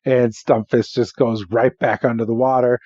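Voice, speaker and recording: A man's voice: medium pitch, little pitch movement, moderate pace, dark tone, dry recording, dull audio. A man co-hosting a podcast, recapping an episode in casual chat, chatty and laughing often with lots of filler words. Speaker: podcast co-host.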